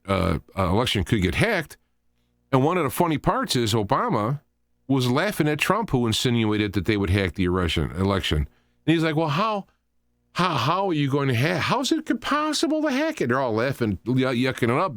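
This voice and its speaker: A man with a fairly low voice talks his way through opinionated commentary, wandering from point to point as he thinks aloud. The sound is dry and close, with no room around it. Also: no room sound. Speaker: show host. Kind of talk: solo political commentary.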